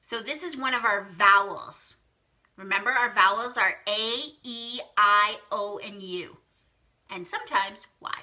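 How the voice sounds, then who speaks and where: At a measured pace and in a mid-range voice, a young woman hosts a live phonics lesson for small children. She's bubbly and encouraging, reading out their guesses with excited gasps and cheerfully praising each guess.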